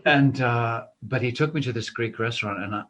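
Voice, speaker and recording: A middle-aged Australian comedian telling lively anecdotes in a casual interview. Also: male voice, medium pitch, fairly quick. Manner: animated anecdotes with laughter. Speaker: comedian guest.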